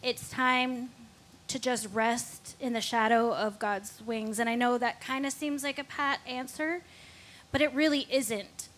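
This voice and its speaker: A woman's voice: a little high, steady tone, unhurried, a bit bright. A woman giving a candid, reflective faith testimony as a guest on a Christian talk show.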